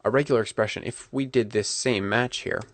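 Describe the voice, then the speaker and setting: A man talking through a coding tutorial at his computer, relaxed and correcting himself as he types. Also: mid-range voice, brisk. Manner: relaxed, self-correcting, talks while typing. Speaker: programming instructor.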